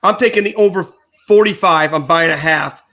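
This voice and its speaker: Older man, high bright voice, casual joking sports betting banter. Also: moderate pace. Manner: chatty, joking, repeats punchlines. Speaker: sports betting show co-host.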